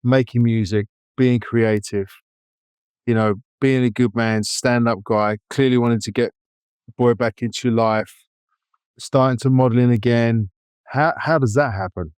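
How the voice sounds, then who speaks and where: A man hosting a podcast interview, asking calm and empathetic questions. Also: mid-range voice, moderate pace, clear, resonant tone, dry recording. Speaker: podcast host. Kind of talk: interview conversation.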